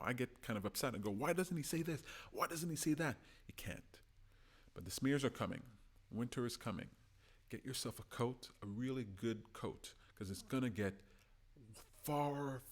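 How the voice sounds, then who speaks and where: Man giving an urgent rallying talk. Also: fairly low pitch. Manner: urgent, exhorting, swings from loud to hushed. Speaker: political commentary host. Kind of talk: impassioned monologue to supporters.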